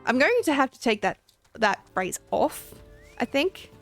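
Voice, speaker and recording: A woman with a rather high voice chats loosely while she plays, rambling and laughing easily. Faint music runs underneath her talk. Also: big pitch swings, a little slow, fairly bright tone. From Australia. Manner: chatty, giggly and rambling. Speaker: game streamer. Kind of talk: casual livestream chat.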